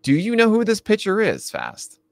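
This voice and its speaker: A man co-hosting a casual baseball chat show, animated, laughing often and restarting his sentences. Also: high voice, normal speed, vocal fry, dry recording. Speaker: podcast co-host.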